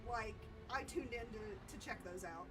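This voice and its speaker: A woman on voice chat during a game, trading easygoing banter with the streamer. Her voice sits somewhat high. Clear music runs behind her the whole time. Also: normal speed, a bit bright. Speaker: co-player in voice chat. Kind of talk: casual chat.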